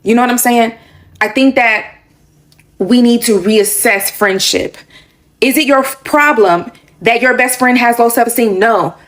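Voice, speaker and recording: A woman in casual commentary, posing deliberate rhetorical questions and answering them herself. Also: fairly high pitch.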